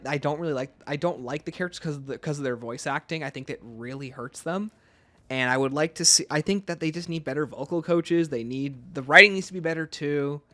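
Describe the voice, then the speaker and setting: A man's voice: mid-range voice, bright, forceful tone. A man giving an unscripted video game review in a casual, rambling way, often restarting his sentences.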